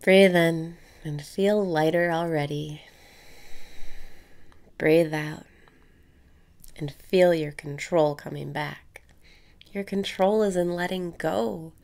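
A woman leading a guided meditation, calm and blunt, repeating breathing cues, swearing casually and sometimes dropping into breathy whispers. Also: deep voice, slow, long pauses.

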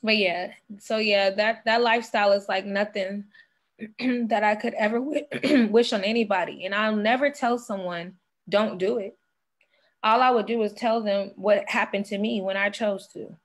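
A woman's voice: medium pitch, steady tone, normal speed. A young woman speaking as a podcast guest, sharing an earnest personal testimony and fighting back tears.

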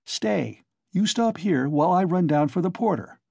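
A man's voice: high-pitched, animated, normal speed, gravelly, darkish tone, husky, dry recording, heavily acted. A man reading as a hot-headed young student. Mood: urgent. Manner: hot, insistent. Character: eager excitable young male law student. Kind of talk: audiobook reading.

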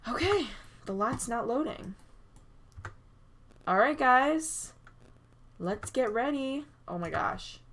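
A woman giving chatty, excitable commentary over a life-sim game, recorded on a desk mic at her computer. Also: high-pitched, takes it slowly, long pauses, a little hiss or hum. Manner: chatty and excitable, frequent "oh my gosh" and small gasps. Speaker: gaming YouTuber. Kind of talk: casual gameplay commentary.

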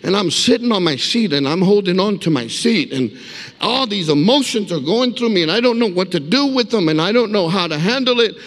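A guest preacher shares his personal testimony in a church sanctuary, the hall echoing around him. He speaks fairly quickly in a high-pitched voice with lively intonation, vivid and emphatic, and asks the congregation for amens.

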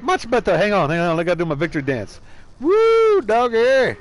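Excitable male streamer, high and lively. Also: very fast. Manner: excitable, profane trash talk; yelps and laughs at plays. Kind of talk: live gameplay commentary.

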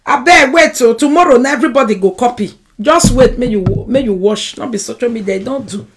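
A Nigerian woman chatting on a live stream from her home, her voice sitting a little high. She is animated and combative as she answers the comments one by one. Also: fairly quick, noisy background. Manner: animated, argumentative, reads and answers viewer comments. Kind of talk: casual live-stream chat.

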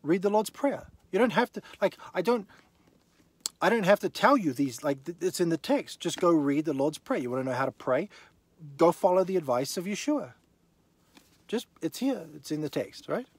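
Animated man teaching from the Bible. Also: high-pitched, moderate pace, husky, no room sound. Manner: animated, rhetorical questions, talks straight to the listener.

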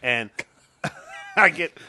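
A man's voice: fairly high pitch, very slow, crowd noise. A middle-aged man co-hosting a live stream, bantering and laughing with mock indignation. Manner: animated, laughing, indignant teasing. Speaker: co-host.

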